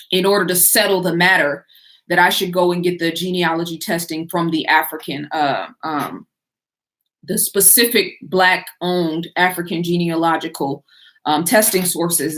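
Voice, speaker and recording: A woman's voice: fairly low pitch, fairly bright tone. A middle-aged woman hosting a live Q&A, talking to her viewers in a loose conversational way with frequent fillers and restarts. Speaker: host answering viewer questions. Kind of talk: casual live Q&A talk.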